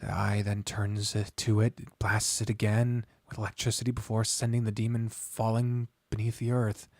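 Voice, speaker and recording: Hushed dramatic game master narration. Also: mid-range voice, flat delivery, normal speed, no room sound. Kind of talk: narrating a tabletop game on a live stream.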